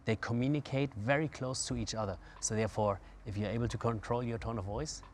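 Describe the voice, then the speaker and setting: A man's voice: medium pitch, fairly even intonation, brisk, slight background noise. Agreeable conversational man. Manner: conversational, agreeable, brief answers. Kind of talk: interview chat.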